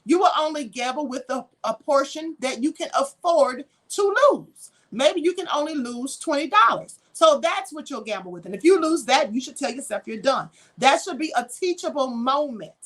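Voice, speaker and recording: A high-pitched woman hosts a spiritual livestream, teaching in a conversational, preachy way. She poses rhetorical questions to her viewers and answers chat comments as she goes. She was raised in Kentucky. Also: animated, moderate pace, hardly any pauses, fairly bright tone. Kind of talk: live-stream teaching, reading chat comments.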